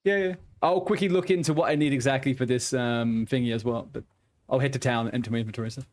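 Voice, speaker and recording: A young man chats loosely with his audience while he plays, rambling from one joke to the next. His voice sits at an ordinary middle pitch, and he keeps the talk easygoing and playful. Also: steady tone, quick pace. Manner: joking, rambling, chatty with viewers. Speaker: game streamer. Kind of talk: casual chat while gaming.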